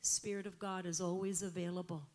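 A woman in her fifties preaching a sermon, animated and laughing, moving between soft whispered prayer and loud exclamations. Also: on the low side, a little fast. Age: 50s.

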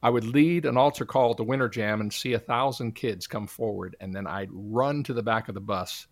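A man's voice: on the low side, a little fast, no room sound. Earnest male minister guest, preacherly testimony, dry close studio sound. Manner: earnest, preacherly, quotes scripture. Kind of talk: conversational interview testimony.

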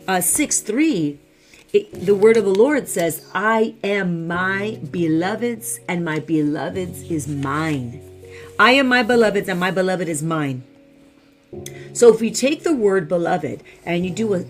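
A woman's voice: mid-range voice, a little mellow. A woman teaching the Bible online, fervent and repeating phrases for emphasis.

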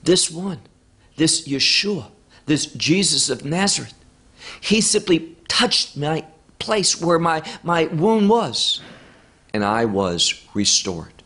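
A man retelling as a healed servant, slow and emphatic. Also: on the high side, big pitch swings, bright, forceful tone, slightly rough, exaggerated voice. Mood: amazed. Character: healed male servant of the high priest, amazed.

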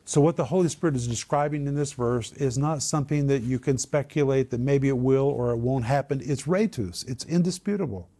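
A man's voice: mid-range voice, steady tone, a little fast, hardly any pauses, warm tone. Emphatic older man teaching the Bible. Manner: emphatic, repeats key words for stress.

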